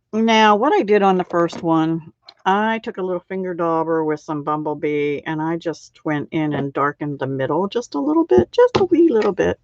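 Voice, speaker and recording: A woman's voice: fairly low pitch, expressive, normal speed, a little hiss or hum. A middle-aged woman hosting a card-making live stream, chatting casually and laughing at her own slips. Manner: chatty, self-deprecating, laughs often. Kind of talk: casual crafting demo chat. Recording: dull lo-fi sound.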